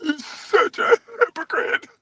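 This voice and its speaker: A man voicing a weepy, whining male critic who sobs that he's been wronged, his voice high and drawn out. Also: bright, forceful tone, no echo. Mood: mock sobbing. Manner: high, drawn-out sobbing whine. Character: whiny weeping male critic, sobbing over being wronged.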